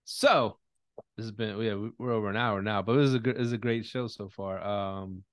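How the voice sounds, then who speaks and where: A man's voice: lowish voice, steady tone, fairly quick, clear, resonant tone, dry recording, studio quality. A man hosting a podcast in casual chat, talking bluntly with lots of profanity and restarts. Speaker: podcast host.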